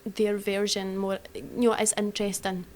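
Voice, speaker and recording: Gentle woman on a podcast, faint background hiss. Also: medium pitch, flat delivery, normal speed. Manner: gentle, agreeable, chimes in with short reactions. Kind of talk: casual chat.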